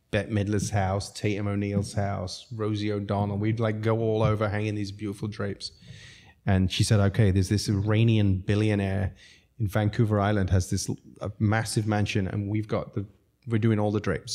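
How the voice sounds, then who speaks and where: A middle-aged restaurateur telling stories on a podcast in a relaxed, mellow voice that sits on the low side. He rambles happily from one story to the next and breaks into laughter as he tells them. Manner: laughs through lively anecdotes. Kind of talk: casual storytelling.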